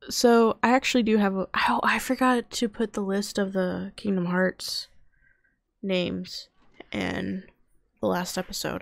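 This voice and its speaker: A woman's voice: mid-range voice, creaky, no room sound. A young woman casually commenting on her video game as she plays, chatting to her characters and muttering to herself. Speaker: gaming youtuber. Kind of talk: casual let's-play commentary.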